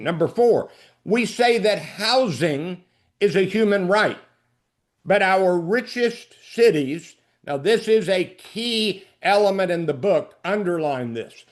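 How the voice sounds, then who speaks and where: A man with a fairly high voice presents a book briefing webinar. He works through numbered highlights in a brisk, emphatic manner, like a practiced lecturer.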